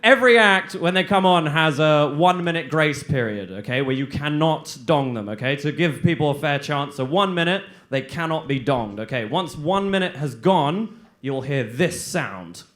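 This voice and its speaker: A man hosting a live comedy show, explaining the rules to the crowd with loud, swearing banter. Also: a little high, animated, moderate pace. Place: comedy venue stage.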